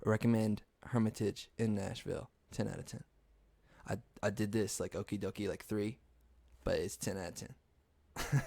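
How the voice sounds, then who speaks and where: A man's voice: on the low side, vocal fry, darkish tone, no echo. A young man hosting a podcast, rambling through casual, profane stories and laughing at his own jokes. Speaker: podcast host. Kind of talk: casual storytelling monologue.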